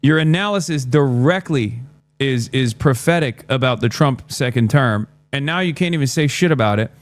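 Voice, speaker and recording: A man's voice: medium pitch, expressive, normal speed. A man doing livestream commentary, blunt and sarcastic, often swearing. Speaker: streamer.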